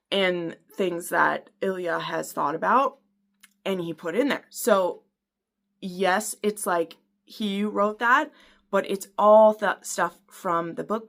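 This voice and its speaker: A woman reviewing a romance book adaptation in a casual video, gushing and excitable, rambling with fillers and restarts, swearing for emphasis. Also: on the low side, gravelly.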